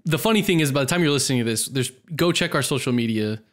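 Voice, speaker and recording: A man's voice: mid-range voice, expressive, fast talker. Rambling male podcast co-host. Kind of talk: casual podcast chat.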